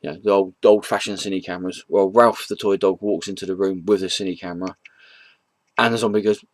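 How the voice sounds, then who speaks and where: Guy doing a chatty comic review, kinda low voice, lots of ums, dry close sound. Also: fairly even intonation, brisk, no echo. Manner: rambling, hesitant retelling with frequent ums; chuckles at the jokes he retells. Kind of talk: casual spoken review.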